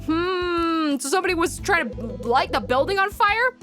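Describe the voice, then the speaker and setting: A woman's voice: extremely high pitch, sing-song, normal speed, bright, forceful tone. A woman hosting a let's play, talking casually and playfully, giggling as she reacts to the game. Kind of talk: casual gameplay commentary. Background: game music.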